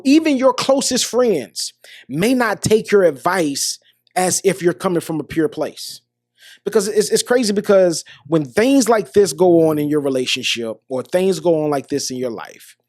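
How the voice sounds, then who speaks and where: In a clean studio recording with no echo, a middle-aged podcast host with a high-leaning, slightly mellow voice offers earnest motivational advice directly to his audience. He frequently starts his sentences over.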